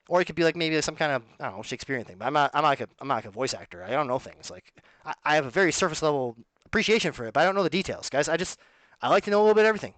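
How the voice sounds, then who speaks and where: A man rambles to his audience in a casual monologue, full of asides and restarts. His voice sits a little high. The recording is dry and close, with no room sound. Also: animated, rapid-fire, a bit bright, no room sound. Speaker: vlogger.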